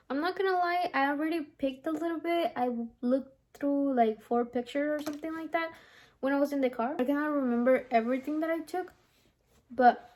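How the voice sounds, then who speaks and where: A woman's voice: sits high, a little mellow. A young woman talking casually to camera in a vlog, rambling with lots of "like" and "honestly". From from abroad, lives in the US. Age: young adult. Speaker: vlogger.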